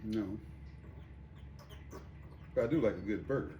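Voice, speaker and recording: A man's voice: on the low side, unhurried, mellow, a little hiss or hum. A laid-back man co-hosting a podcast, teasing his friend in casual chat and sometimes stumbling over his words. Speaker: podcast co-host. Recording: echoey room, mic at a distance.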